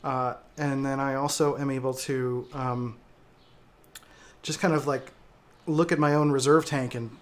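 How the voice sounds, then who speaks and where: A man's voice: medium pitch, fairly even intonation, unhurried. A man hosting a casual livestream, reading viewer comments and talking reflectively with frequent hesitations and fillers. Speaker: livestream host.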